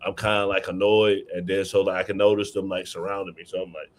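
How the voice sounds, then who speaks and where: A young man with a fairly low voice tells a personal story in relaxed, slangy talk, full of "like" and quoted lines. His delivery stays casual and conversational. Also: fast talker, a little hiss or hum. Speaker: guest telling his story. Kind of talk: casual chat.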